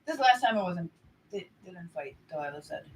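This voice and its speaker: A man's voice: high voice, expressive, moderate pace, slight background noise, low-quality recording. A man in casual conversation, telling family stories and laughing often. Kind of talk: casual chat.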